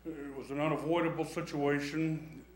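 A man's voice: on the high side, fairly even intonation, moderate pace. A man giving folksy, joking remarks at a city council meeting. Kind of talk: public remarks with humor. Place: council chamber. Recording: echoey chamber.

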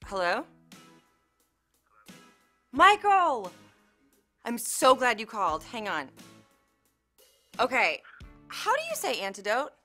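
A woman's voice: fairly high pitch, big pitch swings, measured pace, long pauses, sharp tone, faint music behind. A young adult woman hosting a recap show in a bubbly, playful way, reading out fan tweets. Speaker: host.

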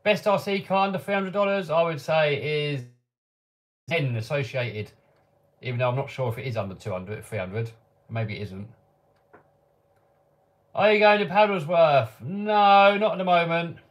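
Male host, slightly higher voice, laid-back live chat Q&A, reads questions then answers offhand. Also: moderate pace, pauses often. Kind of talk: casual live-stream Q&A. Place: home workshop.

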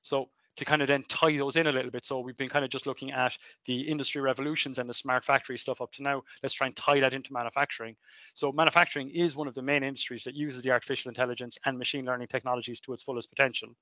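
Irish male lecturer with a bright tone. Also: mid-range voice, fairly even intonation, very fast, no echo. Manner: chatty, filler-heavy, self-correcting. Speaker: engineering lecturer. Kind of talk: recorded online lecture. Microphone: webcam mic.

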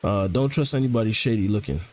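A man's voice: fairly low pitch, fast, darkish tone, poor audio. A man casually commentating as he plays a horror game, joking in slang and reacting to what happens. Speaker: gaming channel host.

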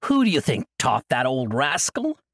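A man's voice: medium pitch, huge pitch swings, moderate pace, fairly bright tone, husky, no echo, studio quality, full character voice. A man voicing an eccentric, mischievous ancient male monk who talks in a playful, grandiose way. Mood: whimsical.

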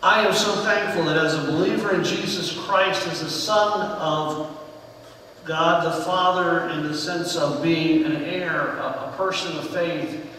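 A man preaching a conversational sermon in a church sanctuary, telling personal stories earnestly and letting his phrases fall softly at the ends. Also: a little high, a little slow, slight background noise. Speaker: pastor. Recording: echoey sanctuary with long reverb, far from the mic.

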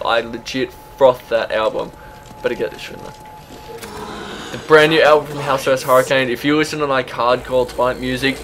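A man's voice: medium pitch, a bit bright. Young Aussie guy narrating his zombie-game run, loose and sweary, mid-range voice, faint background hiss. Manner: chatty, swears freely, laughs at himself. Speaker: gaming YouTuber. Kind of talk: casual gameplay commentary.

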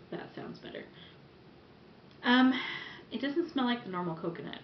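A woman's voice: sits high, sing-song, slow, long pauses, a little hiss or hum. A woman chatting casually as she reviews wax melts at home, rambling with little giggly asides. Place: room at home. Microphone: camera mic. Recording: dull, roomy home camera audio.

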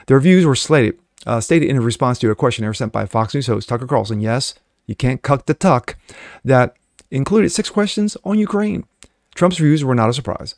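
Sarcastic gravelly man reading the news. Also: mid-range voice, darkish tone, no echo, studio quality. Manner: mocking, sarcastic interjections. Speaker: political commentary host.

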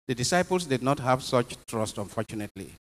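A man's voice: medium pitch, expressive, a little fast. A man, a priest, giving an emphatic homily and putting questions to his congregation. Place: chapel. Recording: long chapel reverb.

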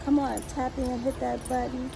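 High-voiced Southern mom. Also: female voice, level tone, normal speed, creaky, background noise. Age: middle-aged. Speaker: vlogger's mother.

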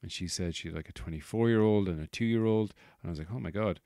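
A man's voice: low-pitched, fast talker, dark tone, dry recording, studio quality. An Irish man in his thirties, a comedian hosting his podcast, rambling casually with exasperated, sweary asides.

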